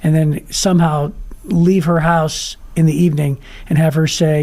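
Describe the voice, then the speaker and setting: High-voiced man co-hosting a podcast. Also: little pitch movement, moderate pace, dark tone. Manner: playful, rambling, teasing. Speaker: podcast co-host. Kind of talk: casual chat.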